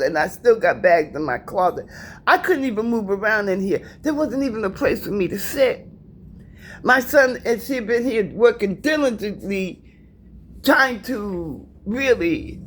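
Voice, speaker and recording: A woman's voice: mid-range voice, slight background noise. A middle-aged woman vlogging from her apartment, giving an emphatic, preachy personal rant to her viewers and repeating herself for emphasis.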